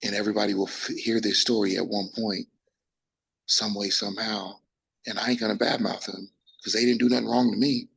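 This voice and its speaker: Gravelly-voiced man telling his story. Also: on the low side, a little fast, rough recording. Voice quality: gravelly, husky. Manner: animated, acts out quotes, frequent restarts and profanity. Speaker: bodybuilder interviewee. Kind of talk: casual storytelling interview.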